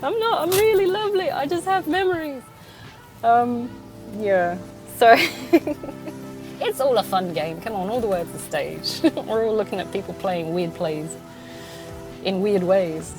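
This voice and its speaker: Over music, a thirtysomething podcaster drives and chats on her own, laughing often, cursing, and making fun of herself. She speaks at a fairly high pitch in an animated but unhurried way, with long pauses.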